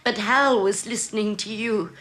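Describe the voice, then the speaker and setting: An actress playing a frail, elderly woman who speaks in a slow, measured, quietly insistent way in a film drama. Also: medium pitch, steady tone, faint music behind, natural voice. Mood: gentle urging. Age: older. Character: frail old woman, gentle and determined. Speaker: caller to a radio show.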